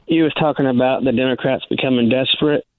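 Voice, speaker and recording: A man calling in to a radio show, hesitant and filling pauses with um and uh. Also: mid-range voice, fairly even intonation. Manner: hesitant, with fillers. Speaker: caller. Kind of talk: call-in radio. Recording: tinny dry phone line.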